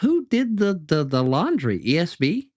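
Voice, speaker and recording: A man hosting a podcast, chatting casually with an excitable manner. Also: a little high, measured pace, no echo, studio quality. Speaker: podcast host. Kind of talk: casual chat.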